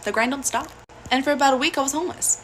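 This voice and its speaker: A young woman telling a personal story in a casual, blunt and profane way, animated throughout. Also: high-pitched, racing, a little hiss or hum.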